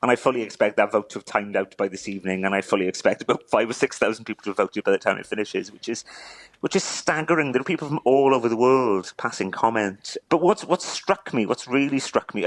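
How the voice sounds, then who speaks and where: A middle-aged man from Wales, interviewed, telling a touching story haltingly and repeating words as he chokes up. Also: mid-range voice, no echo. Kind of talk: emotional interview.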